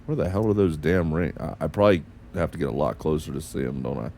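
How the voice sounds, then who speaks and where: A man's voice: extremely low pitch, animated, fast talker, a little mellow, a little hiss or hum. A man streaming a space game, talking to himself and his chat in a mixed American accent that is neither northern nor southern, muttering and swearing as he flies. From United States. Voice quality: gravelly. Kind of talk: casual gameplay commentary.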